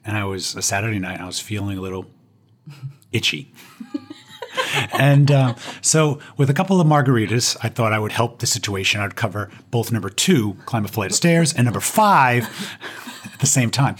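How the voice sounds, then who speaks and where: A man's voice: mid-range voice, slightly rough. A man, a guest on an interview show, telling a personal story with self-deprecating humor and punchlines.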